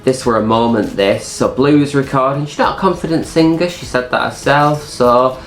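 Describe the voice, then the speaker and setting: A man's voice: medium pitch, normal speed, a bit bright, faint music behind. A man, co-hosting a casual chat that reviews a TV show. He sounds agreeable and gossipy. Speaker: co-host. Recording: echoey room.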